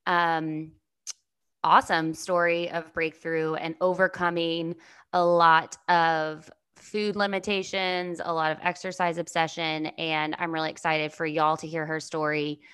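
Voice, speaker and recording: A woman's voice: on the low side, fairly even intonation, normal speed, a bit bright, clean tone. A woman hosting a casual podcast interview, chatty and enthusiastic. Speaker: podcast host.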